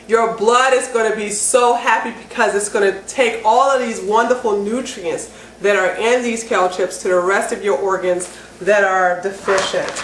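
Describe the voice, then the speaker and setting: A woman giving a casual, enthusiastic cooking how-to demonstration at home, chatty and getting excited. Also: mid-range voice. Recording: roomy echo with faint background noise.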